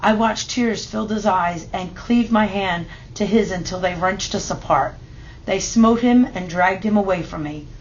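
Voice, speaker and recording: A woman reading a children's picture book aloud in steady, measured narration. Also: mid-range voice, muffled recording, slight background noise. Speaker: storybook reader.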